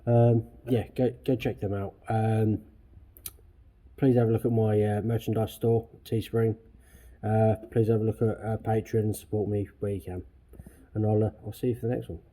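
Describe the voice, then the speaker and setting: A man's voice: lowish voice, flat delivery, normal speed, warm tone. Angry sweary man in workshop. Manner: angry ranting, heavy swearing. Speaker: car restorer. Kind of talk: workshop vlog. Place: garage workshop.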